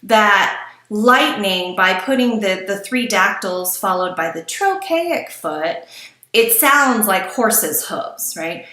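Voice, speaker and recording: A woman with a bright, clear voice teaches a recorded lesson in a casual, chatty way. She breaks off for self-deprecating asides and stumbles over her words now and then. The room gives her voice a noticeable echo. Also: medium pitch, sing-song, slow. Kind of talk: recorded lecture on poetry.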